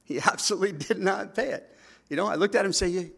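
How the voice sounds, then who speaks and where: Gravelly pastor preaching. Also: male voice, high-pitched, fast. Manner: preaching with animated voiced quotes and asides. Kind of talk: sermon.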